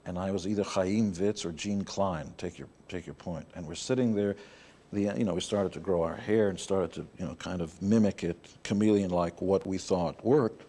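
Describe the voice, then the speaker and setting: Middle-aged man, from New York, low voice, dark mellow tone, blunt wry storytelling, interview guest. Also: normal speed. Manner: blunt, wry anecdotes with playful put-on voices.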